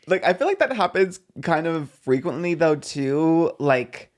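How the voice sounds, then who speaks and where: A woman co-hosting a podcast, chatting in an easygoing, agreeable way and laughing softly. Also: low-pitched, very animated, measured pace. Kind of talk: casual chat.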